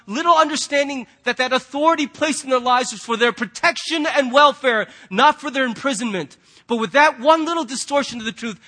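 A man preaching with a notably high voice and a bright, forceful edge. He talks in a conversational, emphatic way and drops casual asides to the congregation as he goes. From United States. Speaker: pastor. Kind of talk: sermon.

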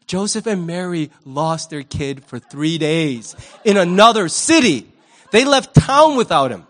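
A male pastor preaching a sermon in an animated, humorous, conversational way. He asks the audience questions and acts out quick voices. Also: sits high.

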